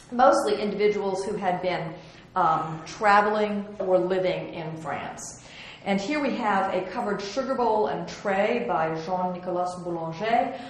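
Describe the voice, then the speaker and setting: Woman lecturer, wry and chatty, full of ums; very reverberant hall with a faint hiss. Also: fairly low pitch. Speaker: museum curator giving an illustrated lecture. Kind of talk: slide lecture on historical prints. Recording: very echoey room with faint hiss.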